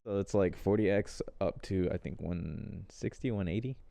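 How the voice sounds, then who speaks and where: A man's voice: low voice, normal speed, gravelly, warm tone, no room sound. A young man on a podcast telling a laid-back story, swearing casually and trailing off. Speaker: podcast co-host.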